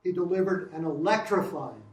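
An older man reading a prepared lecture in a measured academic way, with occasional restarts. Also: a little high, animated, echoey room, recorded from a distance, poor audio.

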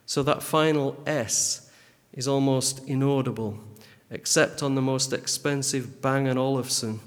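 Man reading out literary criticism, measured and dry, kinda pedantic, long echoey reverb on it. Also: mid-range voice, fairly even intonation.

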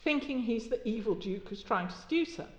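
A woman's voice: a little high, expressive, a little fast, dull audio. A woman giving an academic keynote lecture, with a wry, conversational delivery and occasional fillers. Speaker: keynote speaker. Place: lecture hall. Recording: echoey lecture hall.

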